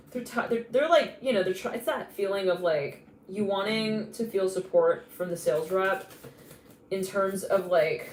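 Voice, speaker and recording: A tarot reader giving a live intuitive reading in a chatty, rambling way, laughing often and restarting thoughts. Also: mid-range voice. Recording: roomy echo with faint background noise.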